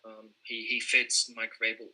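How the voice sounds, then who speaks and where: A man co-hosting a sports podcast in casual chat, hesitant with many fillers and restarts, breaking into excited bursts. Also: lowish voice, normal speed, rough recording. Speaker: podcast co-host.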